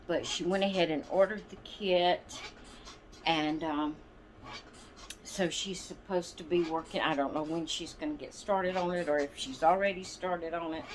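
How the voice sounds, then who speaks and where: A woman's voice: on the low side, fairly even intonation, moderate pace, a little hiss or hum. A woman hosting her doll channel, chatting casually and rambling to viewers with plenty of ums and asides. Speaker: doll channel vlog host.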